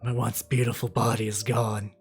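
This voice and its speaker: A man voicing a gruff ghostly male vampire, a head on a phantom body, who talks bluntly and calls the listener kid. Faint music plays under the voice. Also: fairly low pitch, little pitch movement, normal speed, pitched below the performer's own voice, close to an everyday voice.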